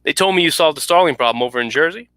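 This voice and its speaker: Irritable middle-aged president, read by a man, clipped and fast. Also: on the high side, expressive, pushed and bright, clear, resonant tone, no room sound, pitched above the performer's own voice. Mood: exasperated. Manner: exasperated, clipped.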